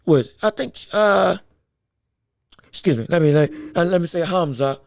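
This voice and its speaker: A man hosting a podcast, in an animated, exaggerated sports rant that swings between playful fury and laughter, often stumbling over his words. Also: on the high side, normal speed, creaky, dry recording, studio quality. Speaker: podcast host.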